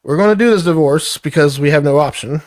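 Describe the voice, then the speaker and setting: A man's voice: fairly high pitch, fast talker, darkish tone, dry recording. Angry profane man venting in a dry room. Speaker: vlogger. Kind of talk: angry personal rant to camera.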